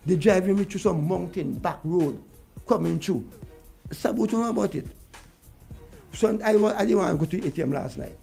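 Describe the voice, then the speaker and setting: A man's voice: high voice, moderate pace, vocal fry, pauses often, mellow, soft background music. A man with a Vincentian accent, talking heatedly about politics on a radio show and repeating his points. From Saint Vincent. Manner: vexed, ranting, repeats points. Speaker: radio guest.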